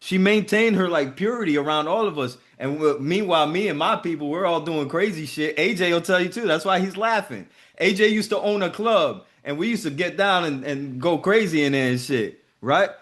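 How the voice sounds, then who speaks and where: A man's voice: a little high, a little fast, few pauses, fairly bright tone. A man hosting a group video call, giving casual motivational talk in a profane, emphatic way.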